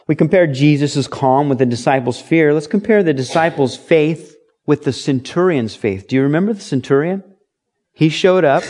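A man's voice: a little high, darkish tone. A middle-aged man preaching a sermon in a conversational way, acting out quoted lines and reading scripture aloud. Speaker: pastor.

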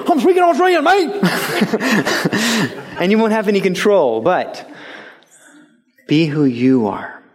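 A male pastor preaching a sermon, animated and acting out little dialogues and mimicking voices for laughs. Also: on the high side.

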